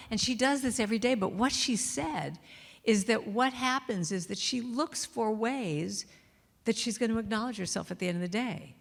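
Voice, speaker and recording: A woman's voice: a little high, normal speed, creaky. Chatty woman speaker in a reverberant hall. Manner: warm, chatty, playful, acts out quotes and sings snippets. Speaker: inspirational speaker and singer. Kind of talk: spiritual talk to a congregation. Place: large church hall. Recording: long reverb of a large hall.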